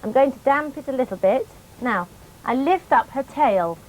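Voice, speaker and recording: A middle-aged woman, a riding instructor, calmly demonstrating horse care to children step by step. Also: sits high, moderate pace, slight background noise, poor audio. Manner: calm, gentle, explains each step patiently. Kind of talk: hands-on demonstration teaching children.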